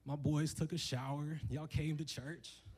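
A man's voice: fairly high pitch, fairly even intonation, measured pace, darkish tone, breathy edge, rough recording. A man preaching as a guest speaker in a church, talking in a loose, joking way and acting out the people in the story he tells. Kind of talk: sermon. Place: church hall with a congregation.

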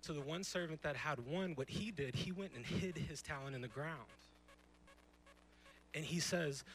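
A young man in his twenties preaches from a church stage with a somewhat high, bright, ringing voice. He talks in a conversational, emphatic way, throwing out rhetorical questions to the congregation. Faint background noise sits under his voice. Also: normal speed, low-quality recording. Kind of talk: youth sermon.

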